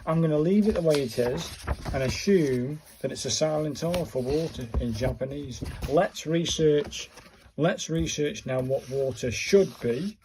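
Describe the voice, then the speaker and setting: Slow chatty man. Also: fairly high pitch, dark tone, a little hiss or hum. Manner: chatty, self-questioning, talks to viewers. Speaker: vlogger learning calligraphy. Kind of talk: casual thinking-aloud tutorial.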